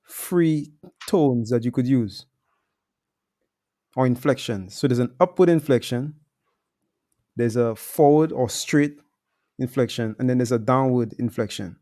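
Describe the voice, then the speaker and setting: A man's voice: medium pitch, warm tone. A man talking as a sales coach in a casual discussion, laid-back and slangy, explaining with examples.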